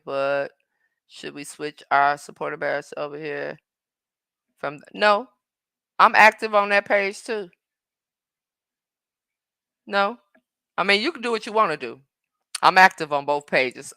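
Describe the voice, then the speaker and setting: A woman on a live stream answers her viewers in a sassy, combative way. Her voice is bright and forceful but sits a little low. The sound is dry and close. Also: dry recording. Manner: sassy and combative, with drawn-out mm-mms and terms like baby and honey. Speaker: live-stream host reading viewer comments. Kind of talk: casual live-stream chat.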